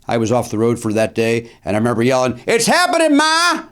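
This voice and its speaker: A man's voice: medium pitch, little pitch movement, fast talker, a little mellow, smooth. A middle-aged man hosting a comedic solo podcast from a studio, talking in a wry, self-deprecating way with rambling asides. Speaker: podcast host.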